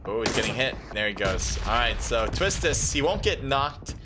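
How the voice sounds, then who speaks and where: A man doing live esports commentary on a mobile battle royale match, calm and explanatory, with loud excited bursts at big plays. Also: mid-range voice, normal speed, background noise. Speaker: esports caster.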